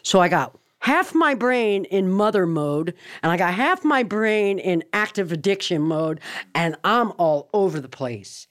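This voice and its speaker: A woman's voice: fairly low pitch, sing-song, a little slow. A middle-aged woman, a podcast guest, telling her personal story in a blunt, profane, candid way.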